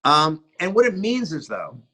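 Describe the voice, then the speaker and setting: A middle-aged American man, a guest cinematographer, tells animated behind-the-scenes stories in a casual interview and acts out bits of dialogue. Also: on the high side, measured pace, low-quality recording. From United States. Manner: animated anecdotal storyteller who acts out dialogue.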